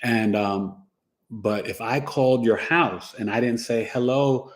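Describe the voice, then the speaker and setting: A man hosting a casual podcast, telling animated family anecdotes with laughs and sound effects. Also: on the low side, a little slow. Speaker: podcast host and astrologer. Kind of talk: casual storytelling chat.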